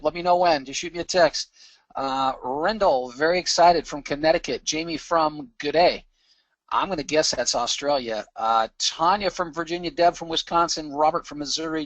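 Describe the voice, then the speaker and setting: An energetic man hosts a live webinar, reading out names with quick, chatty asides. His voice sits a little high. The sound is close and dry, like a desk or headset mic on a computer call. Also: no room sound. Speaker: webinar host.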